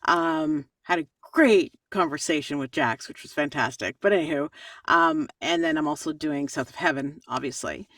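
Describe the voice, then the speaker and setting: A woman audiobook narrator answering interview questions in a chatty, animated way, often laughing. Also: low voice, normal speed, no room sound, studio quality, far from the mic.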